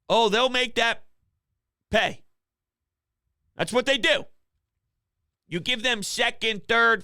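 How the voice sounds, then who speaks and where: A man hosts a call-in sports show from his home office, venting in a subdued, dejected way. His voice sits high and gravelly. The sound is close and dry. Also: sharp tone, no echo. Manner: dejected, low-key venting. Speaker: sports talk show host.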